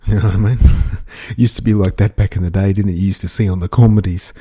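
Chatty man with a husky voice. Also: sits low, steady tone, quick pace, warm tone. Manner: chatty storyteller, frequent "you know" asides; amused, chuckles while talking. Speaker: vlogger. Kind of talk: casual rambling monologue.

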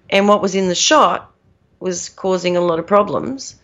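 A woman's voice: medium pitch, a little slow, fairly bright tone. A woman co-hosting a podcast in casual chat, rambling and emphatic, laughing at her own points. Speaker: podcast co-host. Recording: dull lo-fi audio.

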